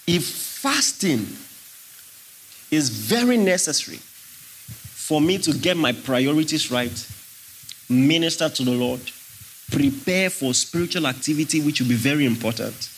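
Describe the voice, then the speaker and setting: A man's voice: a little high, lively intonation, unhurried, pauses often, slight background noise. A man preaching a sermon, emphatic and questioning his congregation as he teaches. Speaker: pastor.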